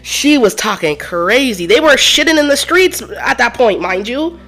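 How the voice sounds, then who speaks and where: A woman streaming a game, chatting casually in animated, profane banter and laughing often. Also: fairly high pitch, moderate pace, faint music behind. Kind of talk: casual let's-play chat.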